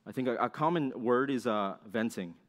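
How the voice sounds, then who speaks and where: In a sermon, a young man with a mid-range voice speaks in a relaxed, conversational style, repeatedly posing questions to his listeners. Occasionally he switches into rapid, whiny voices to act out everyday moments.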